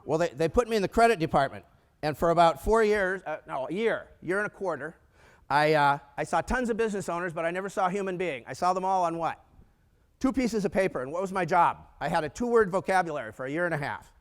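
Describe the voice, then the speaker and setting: A man's voice: high voice, quick pace. A man telling stories in a conference talk, acting out the lines of people in his stories. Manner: animated storyteller who acts out quoted dialogue. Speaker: conference speaker. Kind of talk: storytelling keynote talk. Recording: long hall reverb.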